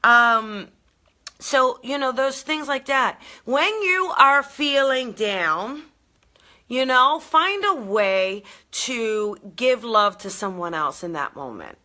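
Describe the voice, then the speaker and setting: A woman hosting a live motivational talk, bubbly and animated, laughing often and answering viewer comments as she goes. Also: fairly high pitch, slow. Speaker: intuitive coach and live show host. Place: live video stream.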